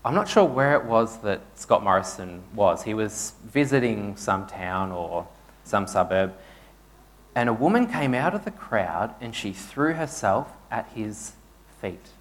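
A man's voice: medium pitch, lively intonation, unhurried. Man preaching a conversational sermon. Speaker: pastor.

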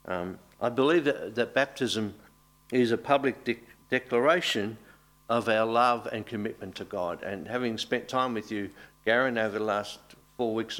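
Earnest pastor man with a lowish voice. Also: a bit bright. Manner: earnest, halting with restarts and pauses. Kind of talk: baptism sermon.

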